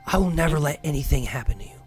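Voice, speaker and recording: A man voicing a fierce, devoted young warrior woman, pitching his voice up and speaking earnestly. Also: lively intonation, racing, slightly rough, faint music behind. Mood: tender.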